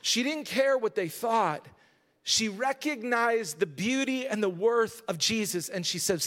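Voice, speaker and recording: With a high-sitting, a-bit-bright voice and lively intonation, the man preaches unhurriedly. His conversational sermon in a church sanctuary swells into emphatic moments, carried on a long hall reverb.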